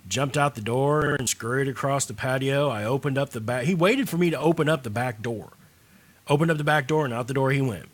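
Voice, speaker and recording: A man co-hosting a radio chat, talking in a relaxed, rambling way. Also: mid-range voice, fairly quick. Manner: relaxed, rambling, lots of fillers. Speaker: radio show co-host. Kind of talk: casual chat.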